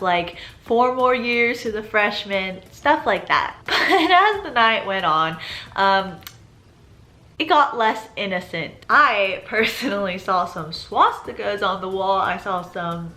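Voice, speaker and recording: A woman's voice: medium pitch, lively intonation, takes it slowly, sharp tone. A woman in her twenties telling a story in a casual vlog, chatty and giggly with lots of filler words. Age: 20s. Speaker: vlogger.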